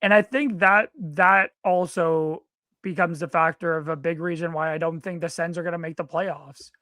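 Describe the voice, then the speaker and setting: A man's voice: a little high, steady tone, moderate pace, bright, forceful tone, no echo, studio quality. Young man giving hockey takes. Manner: reacts with short exclamations, analytical opinions. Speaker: co-host of a sports stream. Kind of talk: casual sports chat.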